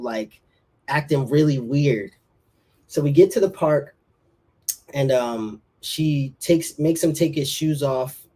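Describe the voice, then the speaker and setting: A man's voice: medium pitch, darkish tone. Slangy young man telling a story. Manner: slangy, rambling, says bro and like a lot. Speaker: podcast guest. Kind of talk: casual testimony storytelling.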